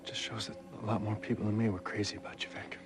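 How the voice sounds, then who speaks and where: An actor playing a gentle male spirit who speaks calmly and reassuringly, with some halting restarts. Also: lowish voice, natural voice. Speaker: soap opera character. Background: score music.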